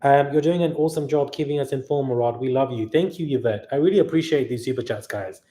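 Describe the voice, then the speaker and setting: A tired man hosting a long live stream, chatting casually and reading out viewer messages, sometimes loud and sometimes quiet. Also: mid-range voice, fast. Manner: chatty, laughing, shifts between loud and quiet. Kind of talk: casual live chat reading super chats.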